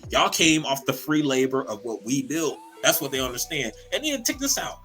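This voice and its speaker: A man co-hosting a casual comedy podcast, talking in an animated, profane way, laughing often and repeating words as he goes. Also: mid-range voice, normal speed, soft background music. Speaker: podcast co-host.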